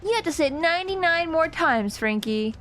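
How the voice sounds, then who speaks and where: Woman doing a high pouty goomba wife, dramatic, guilt trippy, clingy. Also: animated, a little fast, fairly bright tone, soft background music.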